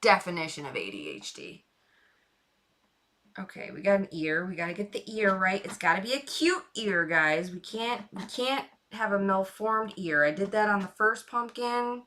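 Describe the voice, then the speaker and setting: A woman's voice: mid-range voice, expressive, moderate pace, bright, forceful tone. A woman streaming live while carving a pumpkin, chatting playfully and rambling to her viewers. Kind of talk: casual live-stream chat.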